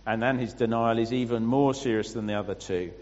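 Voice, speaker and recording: A man preaching a sermon, explaining scripture with pauses and restarts. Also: mid-range voice, darkish tone. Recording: muffled sound with long hall reverb.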